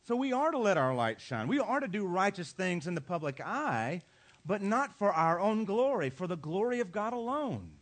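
A man, a pastor, preaching a sermon with emphatic delivery and dramatic pauses. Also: high voice, big pitch swings.

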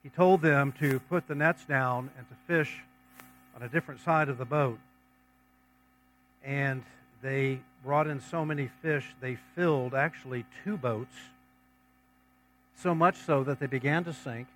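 A man's voice: medium pitch, unhurried, long pauses, fairly bright tone, a little hiss or hum, poor audio. A man preaching a sermon, reading scripture passages aloud and then commenting on them in a conversational way.

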